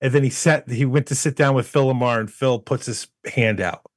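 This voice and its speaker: A man co-hosting a podcast, chatting casually and telling a lively anecdote in which he mimics other people. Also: mid-range voice, fairly quick, no room sound, clean studio sound. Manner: animated anecdote teller who mimics people. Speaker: podcast co-host. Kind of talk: casual chat, storytelling.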